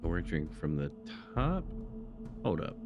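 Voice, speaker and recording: A man's voice: low voice, big pitch swings, moderate pace, muffled recording, over music. A man casually commenting on his first playthrough of a game, chatty and laughing often. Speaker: gaming channel host. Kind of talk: casual let's-play commentary.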